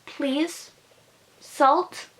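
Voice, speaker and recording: A woman's voice: sits high, fairly even intonation, drawn-out words. A woman voicing a flighty woman on an alien planet, in a breezy, sing-song way. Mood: coaxing.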